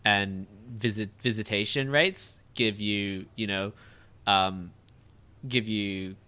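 A man's voice: fairly low pitch, steady tone, slow, bright, forceful tone, smooth. A man in casual conversation, talking in a rambling way with many fillers and restarts. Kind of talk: casual chat.

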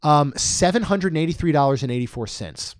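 A man's voice: fairly high pitch, expressive, fairly quick, no room sound, clean studio sound. Chatty man reading out prices. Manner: chatty, jokey asides, reads out prices. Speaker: podcast co-host. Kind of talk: casual podcast chat about theme park costs.

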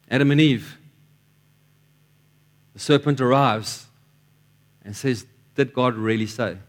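Guy preaching in church, tells stories, stumbles and repeats words a lot. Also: mid-range voice. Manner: storytelling with repeated words and restarts. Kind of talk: sermon.

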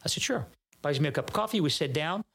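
A native French speaker from France, heard on a podcast, speaks quickly in a fairly high voice with vocal fry and a French accent. He tells his story casually and animatedly, acting out every back-and-forth and often beginning his sentences again.

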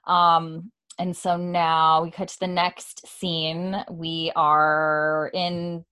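A chatty young woman hosts a podcast, recapping a TV episode in casual conversation. Her level voice is extremely slow, pushed, bright and smooth, and she raises her pitch to act out the characters' lines. A dog can be heard now and then.

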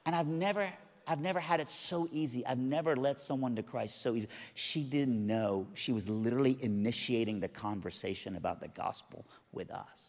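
A man's voice: mid-range voice, normal speed, hardly any pauses, a little mellow. A man preaching, telling a story with animation and frequent stammered restarts. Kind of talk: sermon storytelling. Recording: long hall reverb.

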